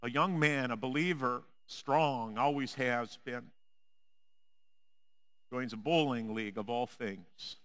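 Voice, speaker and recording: A man delivers a sermon from the pulpit of a church at an unhurried, drawn-out pace, his voice sitting in an ordinary middle register. He preaches with measured drama, sinking low and quiet whenever he returns to his refrain. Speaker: pastor. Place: church sanctuary.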